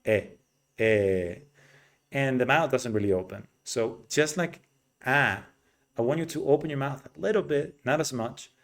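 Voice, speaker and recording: Speaking in a mid-range voice, a man leads an English pronunciation lesson. He explains slowly and shows the vowel sounds by repeating them.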